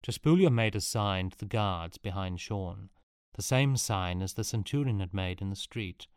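A male narrator reads a comic adventure with dry, wry timing. His voice is low, and the recording is close and dead dry, with no room sound. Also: lively intonation, normal speed, darkish tone, smooth, dry recording. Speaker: audiobook narrator.

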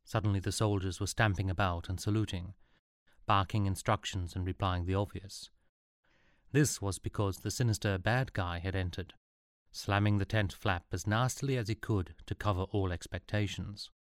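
A male narrator reads a comic adventure with dry, wry timing. His voice is low, and the recording is close and dead dry, with no room sound. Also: steady tone, moderate pace, no echo. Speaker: audiobook narrator.

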